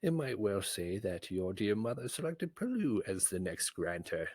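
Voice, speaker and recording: A man voicing a sly, scheming old creature advisor with a raspy, fawning way of talking, in a storybook reading. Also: lowish voice, normal speed, dry recording. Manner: wheedling, fawning flattery.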